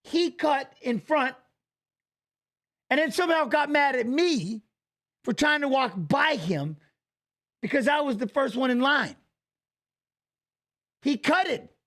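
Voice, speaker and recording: A middle-aged man in casual chat, telling a story with swearing and loud, exclaimed quotes. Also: very high voice, lively intonation, slow, pauses often. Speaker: fight analyst streaming a watch-along.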